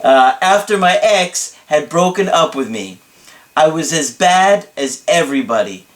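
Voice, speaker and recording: A man putting on a gushing young guy, higher pitch, drawn-out emphatic lines. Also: expressive. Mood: dramatic. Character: excitable young male client, dramatic and effusive.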